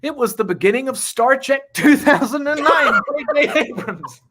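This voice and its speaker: A man narrating an improvised comedy story in a mock-grand, deliberate way. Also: very high voice, lively intonation, bright, forceful tone.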